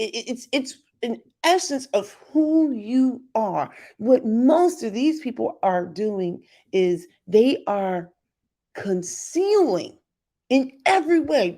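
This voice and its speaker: Blunt high-voiced woman. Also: a little mellow. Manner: blunt and emphatic, talks straight to viewers. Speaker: vlogger. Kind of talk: opinionated commentary to camera.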